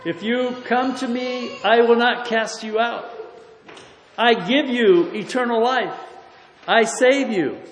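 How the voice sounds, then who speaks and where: A man's voice: high voice, fairly bright tone. A man preaching a folksy revival sermon to a church congregation, mixing stories with emphatic exhortations. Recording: echoey hall, faint background noise.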